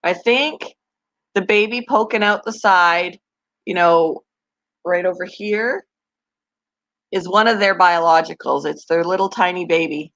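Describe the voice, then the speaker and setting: A woman's voice: on the low side, measured pace, pauses often, a bit bright, dull audio. A woman hosting her pet channel, chatting casually to viewers and gushing over tiny baby animals. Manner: chatty, gushing, laughs often. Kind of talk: casual live chat to viewers.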